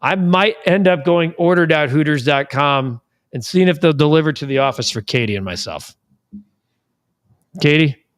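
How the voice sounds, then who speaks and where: A man hosting a casual sports talk show from a studio, ranting in an animated way that jumps between calm and loud. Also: on the high side, normal speed.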